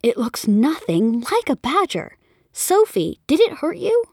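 A woman voicing a worried, stern mother in an audiobook, with a sharp and firm delivery. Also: sits high, big pitch swings, slow pace, no echo, studio quality, pitched above the performer's own voice, full character voice. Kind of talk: audiobook character voice.

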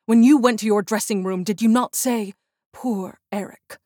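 A woman voicing a despairing young nobleman who speaks in a quiet, earnest tone. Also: fairly even intonation, moderate pace, dry recording, clean studio sound, lightly acted. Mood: grieving, hushed. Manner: hushed, low and earnest.

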